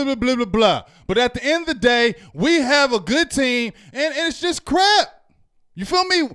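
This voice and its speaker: Fired-up high-voiced man ranting. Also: smooth. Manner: heated, swinging from loud outbursts to muttering. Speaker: host. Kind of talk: postgame fan reaction rant.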